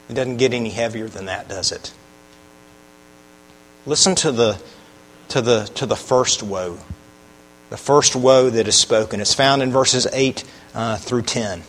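A man's voice: mid-range voice, measured pace, pauses often, fairly bright tone, poor audio. A man preaching a sermon, earnest, often putting questions to the congregation. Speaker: pastor.

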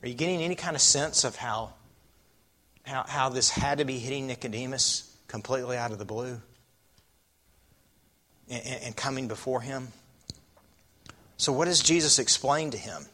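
A man's voice: medium pitch, normal speed, pauses often, sharp tone. A man preaching a sermon, often putting rhetorical questions to his listeners.

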